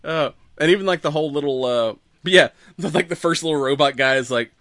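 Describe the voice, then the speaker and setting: Podcast co-host, male: bright tense tone, dry close sound, loose profane rambling. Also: fairly high pitch, fast, dry recording. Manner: rambling, profane, laughs often. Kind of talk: casual chat.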